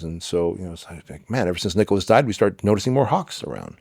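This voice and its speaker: A man's voice: deep voice, lively intonation, fast, gravelly, darkish tone, no echo, clean studio sound. A middle-aged man speaking as a podcast guest, telling personal stories emphatically, acting out dialogue and swearing now and then. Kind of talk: candid storytelling interview.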